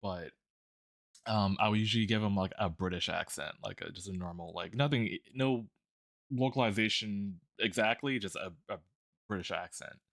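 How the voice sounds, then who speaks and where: Low-voiced man, rambling and hesitant. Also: moderate pace, vocal fry, fairly bright tone, no room sound, studio quality. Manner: rambling, hesitant, many ums. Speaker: guest. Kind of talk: casual chat.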